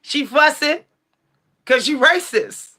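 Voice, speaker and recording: Sassy, heated woman livestreamer, bright high voice. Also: expressive, takes it slowly. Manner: sassy, blunt, profane, shouts at times. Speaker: livestream tarot channel host. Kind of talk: heated livestream rant answering chat.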